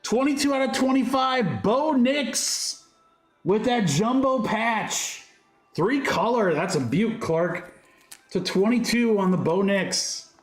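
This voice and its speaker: Upbeat guy calling out cards on a break stream, highish voice, echoey room. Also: expressive, slow, faint music behind. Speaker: host of a card-break livestream. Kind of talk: live card-break commentary. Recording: roomy echo.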